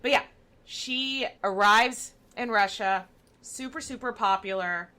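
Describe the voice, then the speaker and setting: A woman's voice: on the high side, unhurried, sharp tone. A woman co-hosting a podcast in casual, wry chat about history. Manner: chatty, wry, swearing. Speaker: podcast co-host.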